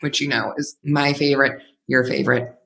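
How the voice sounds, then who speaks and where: A man's voice: mid-range voice, flat delivery, a little fast, vocal fry, pushed and bright, a little hiss or hum. A man co-hosting a podcast, telling campy, gossipy stories in casual chat. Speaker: podcast co-host, stylist.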